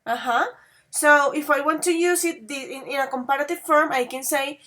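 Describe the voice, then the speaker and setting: High-voiced woman teaching grammar. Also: sharp tone. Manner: patient, asks students questions, spells endings slowly. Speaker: English teacher. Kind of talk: classroom grammar lesson.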